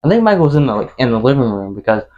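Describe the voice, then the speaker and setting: A young man co-hosting a podcast in casual chat, excitable and dropping "bro" often. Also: medium pitch, racing, highs cut off. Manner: excitable, says "bro" a lot. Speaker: podcast co-host.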